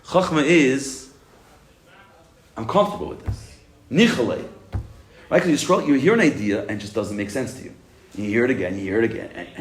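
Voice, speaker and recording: Male Torah teacher, mid-range voice, lively lecturing, roomy echo. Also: medium pitch. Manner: animated, acts out "I got it" moments, asks and answers himself. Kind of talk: Chassidus class lecture.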